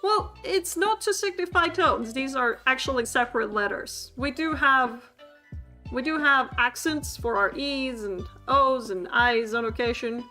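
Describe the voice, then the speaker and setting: Lady streamer, high bright voice, giggles a lot while teaching, faint music behind. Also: measured pace. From Sweden. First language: Swedish. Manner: giggly, laughs often, playful and chatty with chat. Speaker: streamer teaching a language class. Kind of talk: livestreamed language lesson.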